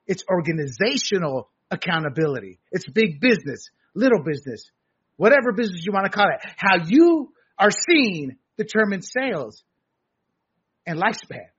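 A middle-aged man hosts a political talk show in an opinionated, lecturing tone, with plenty of filler words. His voice sits high and is husky. The sound is dull and lo-fi. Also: big pitch swings, normal speed, fairly bright tone. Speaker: host.

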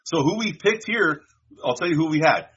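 A man's voice: on the high side, lively intonation, moderate pace, a bit bright, slightly rough. A man co-hosting a casual podcast, rambling through draft picks in a loose style and calling his partner dude and bro. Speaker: podcast co-host. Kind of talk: casual draft-pick chat. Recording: dull lo-fi sound.

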